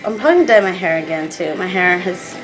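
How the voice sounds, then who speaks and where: A woman's voice: lowish voice, animated, quick pace, music in the background, poor audio. A young woman chatting casually to camera, sad and stressed, rambling with fillers and restarts. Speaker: vlogger.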